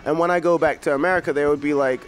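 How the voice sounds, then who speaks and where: A young man with a slightly high voice, telling stories in a loose, rambling way. He jokes often and keeps a laid-back tone. He grew up in England and was raised in America. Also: steady tone, rapid-fire, soft background music. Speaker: rapper guest. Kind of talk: casual interview chat.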